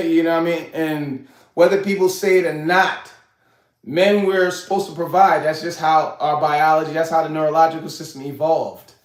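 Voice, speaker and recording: In an echoey room, a forties-aged man hosting his own show speaks to the camera at a normal speed in a slightly high, steady voice. He keeps it casual, laughing often and repeating "you know what I'm saying".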